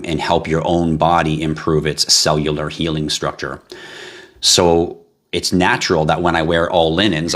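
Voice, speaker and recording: A middle-aged man with a very low, deep voice hosts a crypto livestream. He talks casually and bluntly, answering viewer comments. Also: a bit bright. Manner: blunt, ranting, swears, laughs at himself.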